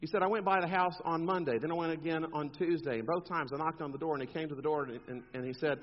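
Preacher in an echoing hall. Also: male voice, fairly high pitch, fast talker, few pauses. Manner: animated, rhetorical, mock quotes in asides. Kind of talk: sermon. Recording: dull long-reverb hall sound.

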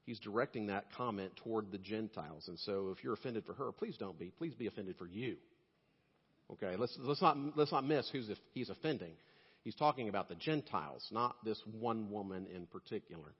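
A male pastor preaching a sermon, telling stories and swinging between loud emphasis and quiet asides. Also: lowish voice, lively intonation, fairly quick, slightly rough, big-room sound, dull audio.

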